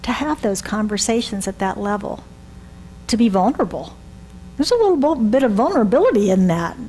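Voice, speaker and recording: A woman's voice: medium pitch, sing-song, a little fast, a little mellow, slight background noise, poor audio. A woman in her sixties giving a conversational sermon, often asking the congregation rhetorical questions. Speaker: reverend.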